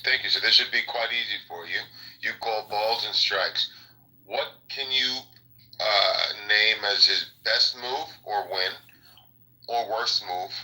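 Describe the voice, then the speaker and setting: A man hosting a call-in political discussion, moderating speakers in a measured, formal way. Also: lowish voice, sharp tone, poor audio. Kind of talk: moderating a live audio panel.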